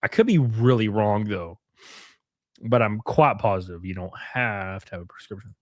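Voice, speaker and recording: A man's voice: on the low side, expressive, normal speed, darkish tone, no echo, clean studio sound. Crude joking man streaming. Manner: crude, joking, laughs often. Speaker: livestream host. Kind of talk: casual live-stream chat reading viewer comments.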